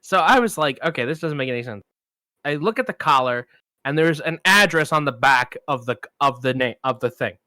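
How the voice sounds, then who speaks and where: On a film podcast, a male co-host tells a long anecdote in casual conversation, animatedly acting out the voices of the people he quotes. He speaks briskly at medium pitch, and the recording is dry.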